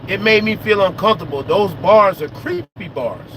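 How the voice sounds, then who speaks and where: High-voiced man ranting outdoors, noisy. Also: normal speed. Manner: animated, profane, repeats himself for emphasis. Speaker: trucker vlogger. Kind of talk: casual outdoor talk to viewers.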